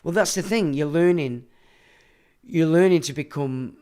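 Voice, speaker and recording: A man's voice: a little high, measured pace, mellow. A middle-aged man, hosting a livestream and ranting in a blunt, profane, rambling monologue. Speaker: livestream host.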